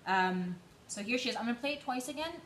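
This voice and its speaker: A young woman with a somewhat high, animated, slightly bright voice speaks quickly while running on an indoor treadmill, breathless as she chats on her livestream. She's training for a charity run and calls out viewers by name. The room sounds echoey, with faint noise.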